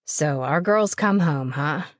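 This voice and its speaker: A woman narrator voicing a blunt, motherly middle-aged waitress with a deep smoker's voice. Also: lively intonation, slow pace, no room sound, studio quality. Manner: blunt, motherly, calls people hun and kiddo. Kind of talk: audiobook character voice.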